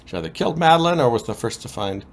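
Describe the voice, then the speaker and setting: A man co-hosting a podcast, recapping soap opera episodes in a casual, animated way with frequent ums. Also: mid-range voice, very fast, slight background noise. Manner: lively, animated retelling with many ums.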